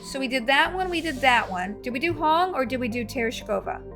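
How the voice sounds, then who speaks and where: A woman's voice: high voice, expressive, fairly quick, music in the background. A woman chatting casually while she streams a video game, telling stories and reacting to the play. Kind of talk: casual chat while gaming.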